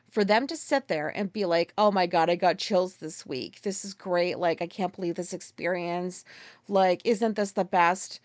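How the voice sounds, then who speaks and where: A woman's voice: medium pitch, clean tone, dry recording. A woman hosting a solo podcast, ranting in an exasperated, profane, casual way. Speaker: podcast host.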